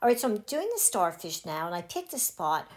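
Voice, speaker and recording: A woman's voice: lowish voice, sing-song, a little fast. Cheerful woman teaching a craft. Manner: cheerful step-by-step instructing. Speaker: crafting channel host. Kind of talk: craft tutorial voice-over.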